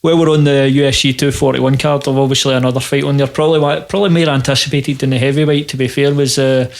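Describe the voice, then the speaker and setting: A man hosting a casual podcast interview, asking relaxed, rambling questions. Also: medium pitch, fast, vocal fry. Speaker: podcast host.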